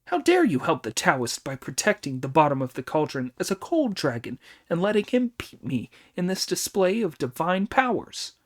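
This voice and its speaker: A man voicing a brash, hot-tempered immortal monkey hero who shouts taunts in a raised voice. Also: very animated, moderate pace, hardly any pauses. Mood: furious. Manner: shouting taunts, loud and high.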